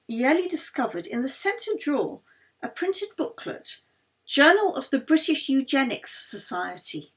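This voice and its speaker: A woman's voice: sits high, big pitch swings, a little slow, a bit bright. Woman author reading her novel aloud. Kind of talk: audiobook narration.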